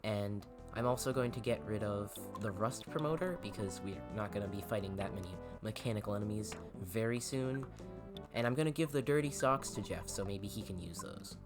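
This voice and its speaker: A man's voice: fairly low pitch, a little fast. A man hosting a let's-play, chatting casually with wry asides as he plays. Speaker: gaming channel host. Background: game music.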